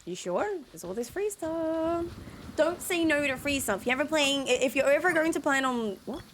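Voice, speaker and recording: A young woman streaming a video game, chatting excitably and reacting out loud as she plays. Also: high-pitched, normal speed, slight background noise. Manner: chatty, laughs easily, excitable. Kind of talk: live game stream commentary. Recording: stream mic with faint game music.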